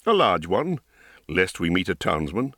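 A man voicing a calm, dryly humorous older male wizard in a dry, close audiobook recording. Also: sits low, measured pace, dry recording, pitched below the performer's own voice, exaggerated voice. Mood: wry, calm.

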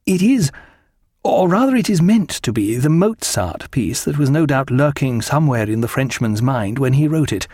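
A man's voice: mid-range voice, lively intonation, normal speed, a little mellow, slightly rough, no echo, studio quality. A man voicing a precise, wry ship's doctor in an audiobook. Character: dry, pedantic male ship's doctor.

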